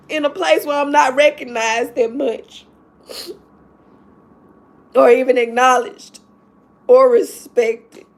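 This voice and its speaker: Tearful high-voiced woman telling a story. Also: steady tone, slow, long pauses. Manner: tearful, laughing through tears. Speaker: vlogger. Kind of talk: emotional story time to viewers.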